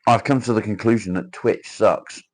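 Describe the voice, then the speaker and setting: A man's voice: fairly low pitch, fairly even intonation, moderate pace. A man from Cheshire with an accent mixing northern English and South Welsh, chatting casually on a livestream, swearing freely and greeting viewers by name. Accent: mix of northern English and South Welsh. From Cheshire, England. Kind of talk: casual livestream chat reading out comments.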